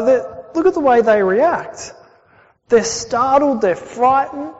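Brief: young male pastor, high voice, chatty animated sermon, muffled hall sound. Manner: conversational, animated, many fillers and tag questions. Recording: dull sound in a hall with long reverb.

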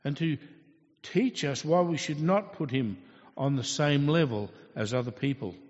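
A male preacher delivers a sermon slowly and earnestly, posing rhetorical questions to his listeners in a fairly high voice with a darkish tone. The audio is dull and lo-fi, carrying the long echo of a hall.

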